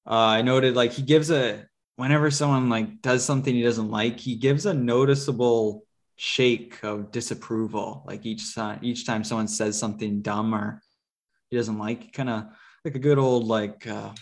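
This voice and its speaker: A man's voice: mid-range voice, steady tone, moderate pace. Rambling casual man reviewing movies. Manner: rambling, many fillers and restarts. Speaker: podcast co-host.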